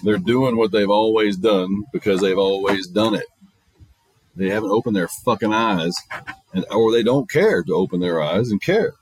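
A man's voice: lowish voice, normal speed, no room sound, poor audio. A middle-aged man hosting a casual monologue, telling stories in a blunt, profane way. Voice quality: gravelly, husky. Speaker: podcast host.

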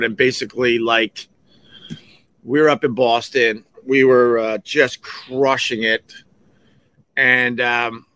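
A radio host, telling rambling stories in a casual, animated way and often breaking off to act out other people's voices. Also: male voice, medium pitch. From Long Island, New York. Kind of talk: casual storytelling podcast.

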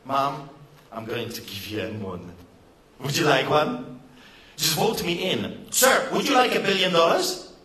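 A man's voice: on the high side, expressive, a little slow, pushed and bright. A man mocking a sweet-talking woman politician who makes eager, empty promises in a wheedling voice, heard in an echoey hall.

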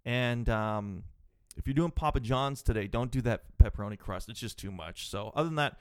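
A man rambles through a story on his podcast, exasperated and swearing freely. His voice sits at an ordinary pitch. The sound is dry and close, with no room echo. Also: moderate pace, a little mellow, clean tone. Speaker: podcast host. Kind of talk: casual storytelling monologue.

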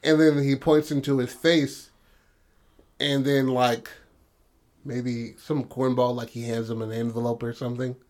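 A man's voice: mid-range voice, level tone, unhurried, darkish tone. A man co-hosting a podcast, telling a story in a rambling, casual way and swearing freely. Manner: rambling, full of "you know what I mean", swears freely. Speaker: podcast co-host.

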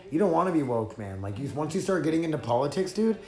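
A man's voice: on the high side, very animated, quick pace, gravelly, darkish tone. A man hosting a podcast, chatting casually in a loose, profane, rambling way. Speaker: podcast host. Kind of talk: casual chat. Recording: echoey room.

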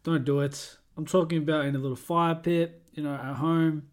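A man's voice: a little high, steady tone, normal speed. A young Australian man hosting his own podcast, chatting casually in an upbeat, rambling way that often corrects itself. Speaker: podcast host. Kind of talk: casual solo podcast chat.

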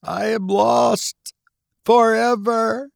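Brief: a man playing an idealistic young student, raised earnest voice, slow and dry. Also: very animated, vocal fry, no echo, full character voice. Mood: frantic. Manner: earnest, high-pitched pleading.

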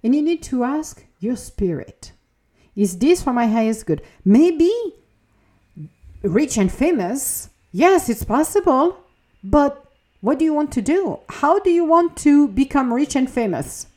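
A woman with a rather high, mellow voice hosts a spiritual self-help podcast. She talks in an animated, swooping way and often slips into the voices of her own inner self-talk. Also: unhurried. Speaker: podcast host. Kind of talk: motivational spiritual podcast monologue.

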